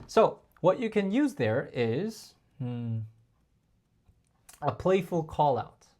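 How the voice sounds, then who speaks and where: A man's voice: a little high, sing-song, slow, mellow. Chatty man giving dating advice. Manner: chatty, addresses viewers as guys, frequent fillers. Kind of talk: casual advice talk to camera.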